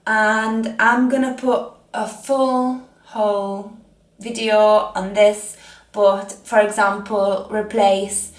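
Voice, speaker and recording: Seated on a chair at home, a young fitness vlogger with an Italian accent offers casual workout tips, rambling and poking fun at herself. Her mid-range voice moves little in pitch and comes slowly, in an echoey room.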